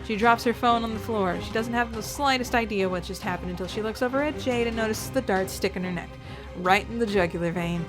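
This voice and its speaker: Woman reading a story out loud, dramatic and snarky, mid-pitched voice, a bit of music under it. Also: fairly quick. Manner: theatrical and sarcastic, with asides. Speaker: reader reacting to fan fiction.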